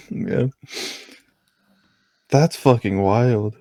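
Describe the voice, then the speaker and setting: A man's voice: medium pitch, animated, drawn-out words, mellow, dry recording, studio quality. A man co-hosting a casual comedy podcast, laughing often and reacting with swearing asides. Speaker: podcast co-host. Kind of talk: casual chat.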